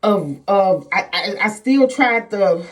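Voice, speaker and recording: A woman's voice: mid-range voice, lively intonation, takes it slowly. A middle-aged woman vlogger telling viewers a personal story in casual chat, emphatic and repetitive, often calling them "y'all".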